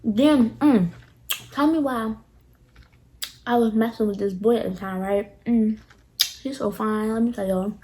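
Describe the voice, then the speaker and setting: A young woman vlogger telling a storytime tale to her viewers, animated and dramatic, talking straight to them. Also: a little high, measured pace, long pauses. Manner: animated, dramatic retelling, addresses viewers directly. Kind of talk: casual storytime.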